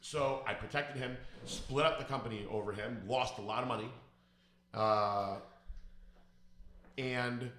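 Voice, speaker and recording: A man's voice: mid-range voice, fairly even intonation, measured pace, long pauses, a bit bright. A man telling a personal story in a casual, blunt, profane and emphatic way. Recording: echoey room.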